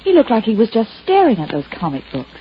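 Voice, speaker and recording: An actress playing a sharp, teasing young woman in a 1950s radio drama. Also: fairly high pitch, huge pitch swings, fast talker, a little hiss or hum. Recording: dull lo-fi old radio recording.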